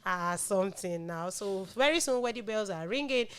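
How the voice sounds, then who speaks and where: A woman's voice: mid-range voice, lively intonation, moderate pace, smooth. A young woman from Ekiti State with a Nigerian accent, co-hosting a gospel radio show in a playful, laughing way and mixing in Yoruba and pidgin. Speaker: radio co-host. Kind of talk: lively gospel radio banter.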